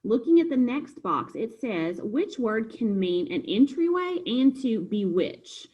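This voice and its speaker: A woman's voice: on the high side, big pitch swings, measured pace, a little mellow, breathy edge, muffled recording. A woman teacher patiently walking students through a homework review, step by step. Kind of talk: recorded homework review lesson.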